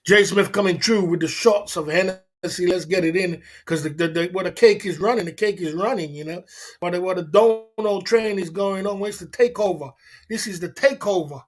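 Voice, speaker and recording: A man's voice: high-pitched, a little fast. A man hosting a late-night livestream chat, tipsy from drinking, hyped up, laughing often and repeating catchphrases. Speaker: livestream host.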